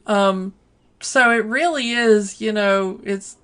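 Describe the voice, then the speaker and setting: A woman co-hosting a podcast in casual chat, unhurried, with lots of fillers. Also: mid-range voice, a bit bright. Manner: unhurried, many fillers like um and you know. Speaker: podcast co-host.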